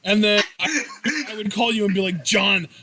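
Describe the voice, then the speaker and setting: A man's voice: high-pitched, steady tone, brisk, a crowd in the background. A man co-hosting a casual chat show, reading questions and adding dry, wry quips. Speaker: podcast co-host.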